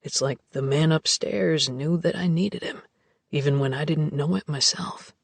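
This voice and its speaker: A man voicing a troubled young man who opens up softly, with a deep, raspy voice in audiobook dialogue. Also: moderate pace, no room sound. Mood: quiet, confiding.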